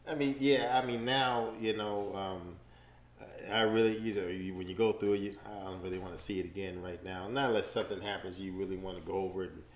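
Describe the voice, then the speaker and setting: Middle-aged guy, low voice, talks slow n rambly w lots of fillers, echoey room. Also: a little hiss or hum. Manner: relaxed, rambling, many "you know" fillers. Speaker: boxing referee, guest. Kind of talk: casual interview storytelling.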